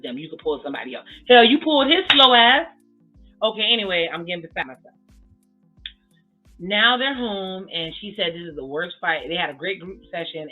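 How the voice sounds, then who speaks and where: A woman giving blunt, sassy casual commentary as she recaps a reality TV episode, swearing freely. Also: deep voice. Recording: tinny phone-like sound with faint music.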